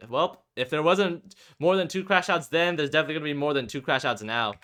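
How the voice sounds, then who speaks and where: A man giving casual, slangy, excitable commentary while reading a game aloud. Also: fairly high pitch, fast talker. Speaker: game streamer. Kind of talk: casual let's-play commentary.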